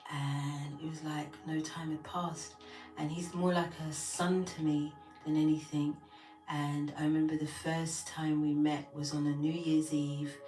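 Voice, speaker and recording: A woman, hosting a tarot live stream and chatting casually with viewers while she tells a long story. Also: low voice. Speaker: tarot reader and host. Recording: echoey room from a distance with faint music.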